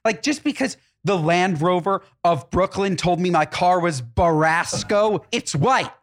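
A man's voice: high voice, measured pace. A man co-hosting a podcast, telling stories in casual chat with exaggerated, ranting delivery. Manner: animated storyteller, exaggerated rants. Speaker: podcast co-host.

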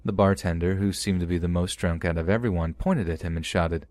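A man narrating true horror stories in a steady, scripted reading. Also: deep voice, a little fast, hardly any pauses. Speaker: podcast narrator.

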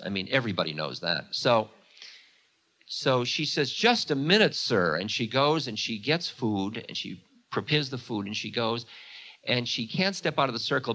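A man's voice: medium pitch, sharp tone. A man from the United States telling an old story in a chatty way, full of asides. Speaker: spiritual teacher. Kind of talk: storytelling talk.

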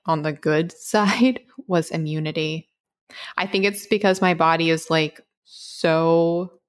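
A woman with a fairly low voice co-hosts a casual podcast. She talks in a chatty, rambling way, full of fillers and trailing asides. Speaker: podcast co-host.

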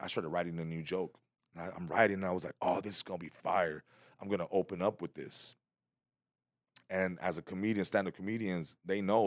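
Animated, profane storytelling man. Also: deep voice, dry recording, clean studio sound. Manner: animated, profane, acts out other voices. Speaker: stand-up comedian. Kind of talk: casual storytelling chat.

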